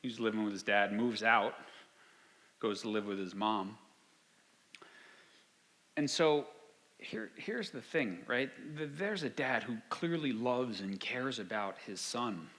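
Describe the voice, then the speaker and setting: A man's voice: lowish voice, takes it slowly, pauses often, a bit bright, long reverb tail. A man giving a talk to parents, telling stories from his own family and asking the audience questions. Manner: storytelling, asks the audience. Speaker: speaker.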